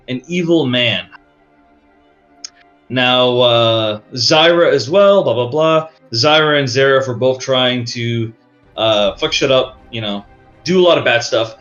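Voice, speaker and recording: A man's voice: mid-range voice, a bit bright. A man narrating a tabletop game as game master, in a casual, rambling way. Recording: dull lo-fi audio with faint music.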